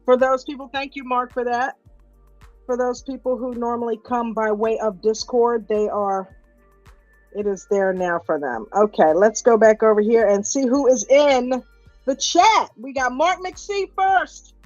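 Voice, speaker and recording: A woman's voice: on the high side, unhurried, darkish tone, no room sound, faint music behind. A woman hosting a casual live stream, upbeat and greeting viewers one by one. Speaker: livestream host. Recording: dull, lo-fi stream audio.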